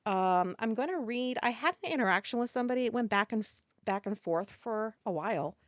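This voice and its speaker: A woman with a fairly high voice talks alone on her podcast, wandering from point to point and stacking up filler words. She is blunt and swears freely. The sound is close and dry, with no room around it. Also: expressive, fairly quick, dry recording. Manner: rambling, blunt and profane; casual, lots of filler words. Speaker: podcast host. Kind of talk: solo podcast monologue.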